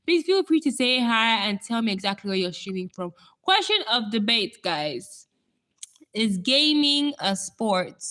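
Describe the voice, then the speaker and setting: A woman's voice: fairly high pitch, a bit bright. A young woman hosting a casual live stream, chatting with viewers and laughing often. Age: young adult.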